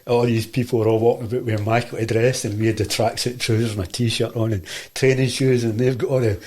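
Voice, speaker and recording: A middle-aged Glaswegian man spins a long, rambling anecdote in a relaxed interview. He keeps circling back with restarts and acts out what everyone said, all at an ordinary middle pitch. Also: fast talker. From Scotland. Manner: rambling, animated storytelling with many restarts and quoted dialogue. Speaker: guest, martial arts teacher. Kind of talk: casual storytelling.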